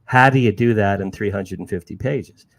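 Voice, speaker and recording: Older author guest, fairly low voice, lively storyteller who repeats and restarts. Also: male voice, normal speed. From New Jersey. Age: 60s. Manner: animated, restarts and repeats words. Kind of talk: casual storytelling.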